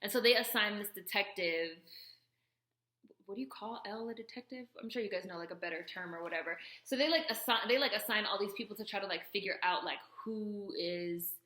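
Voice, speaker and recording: A woman vlogging casually as she unboxes a package, chatty and excitable, with lots of "like" fillers. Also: medium pitch, fairly quick. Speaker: YouTuber. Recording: echoey room.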